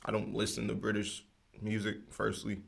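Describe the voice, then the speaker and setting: A man's voice: fairly low pitch, completely flat delivery, normal speed, creaky, breathy edge. A young man from the United States hosting his own podcast, rambling in loose, slangy casual talk and drifting off topic often. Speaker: podcast host. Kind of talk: casual solo ranting.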